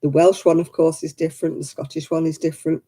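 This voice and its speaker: Chatty woman with a mellow voice. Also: low voice, level tone, fast, breathy edge. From England. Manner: chatty, laughs often, answers viewers by name. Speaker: livestream host. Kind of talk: casual chat.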